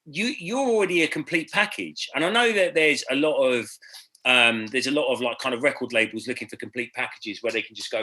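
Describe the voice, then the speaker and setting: A man in casual podcast chat, reasoning things through in a measured way. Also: mid-range voice, pushed and bright. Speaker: podcast co-host.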